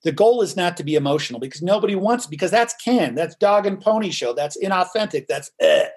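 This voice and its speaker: Animated, theatrical man. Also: sits high, brisk, breathy edge. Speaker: guest, theater-based trial coach. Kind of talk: podcast interview.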